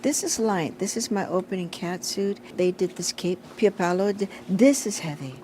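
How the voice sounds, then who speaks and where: A middle-aged woman as a celebrity guest in a casual interview, speaking softly and reflectively, often restarting her sentences. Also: mid-range voice, normal speed, slight background noise. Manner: soft-spoken, reflective, with many restarts.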